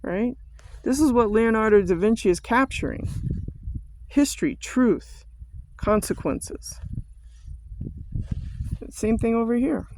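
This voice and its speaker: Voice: medium pitch, slow, long pauses, a little mellow, a little hiss or hum. A vlogger delivering a profane, rambling conspiracy rant to camera, firing off repeated rhetorical questions and stumbling over restarts. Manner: ranting, repetitive rhetorical questions, heavy swearing.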